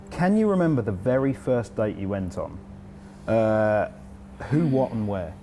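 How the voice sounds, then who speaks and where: A man's voice: on the low side, big pitch swings, unhurried, mellow, slight background noise. A man interviewing a guest, asking playful, teasing questions. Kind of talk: casual interview chat.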